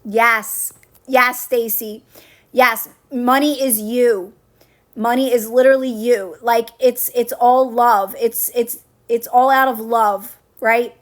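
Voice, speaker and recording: A woman with a slightly high voice speaks slowly in a steady tone. She coaches viewers during a livestream, chatting casually, answering comments, and repeating her phrases to reassure them.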